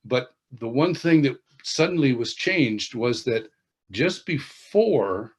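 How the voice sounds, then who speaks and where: A man interviewed as an author, telling a personal faith testimony in an earnest, halting way that often restarts sentences. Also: mid-range voice, animated, breathy edge. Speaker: interviewed author and worship leader.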